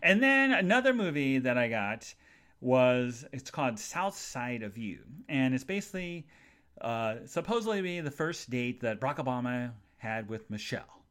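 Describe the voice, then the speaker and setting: A man's voice: medium pitch, big pitch swings, normal speed, fairly bright tone, clean tone. A man hosting a casual solo podcast, telling everyday stories in a chatty way with funny asides. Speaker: podcast host.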